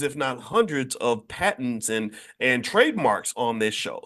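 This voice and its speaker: A man's voice: mid-range voice, fairly bright tone. A man hosting a daily finance show, talking off the cuff to his audience in an emphatic, preachy way, often restarting and asking listeners to agree. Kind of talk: unscripted monologue to an online audience.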